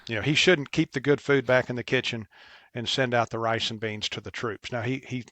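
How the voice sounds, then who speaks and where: Earnest man, mid-pitched, dry sound. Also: steady tone, brisk, fairly bright tone, dry recording. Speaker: guest, business owner. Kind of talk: casual conversation.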